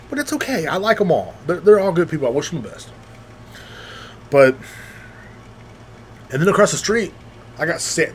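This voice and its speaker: A man's voice: on the high side, a little hiss or hum. A man hosting a podcast, talking in a casual, profane, rambling way with lots of fillers and restarts while drunk. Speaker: podcast host.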